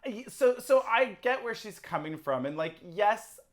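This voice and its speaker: A woman's voice: medium pitch, lively intonation, measured pace. A woman co-hosting a podcast, summing up a TV episode in casual chat and laughing often. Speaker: podcast co-host. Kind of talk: casual chat recapping a TV show.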